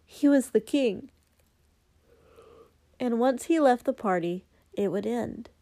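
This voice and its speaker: A woman narrating a story in a steady, unhurried reading. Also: a little high, dry recording. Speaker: audiobook narrator. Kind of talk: story narration read aloud.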